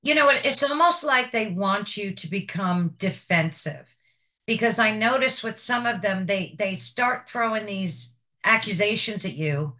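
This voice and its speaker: A woman's voice: medium pitch, animated, a little slow, pushed and bright. A woman hosting an interview, asking engaged follow-up questions. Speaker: interview host. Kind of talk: conversational interview.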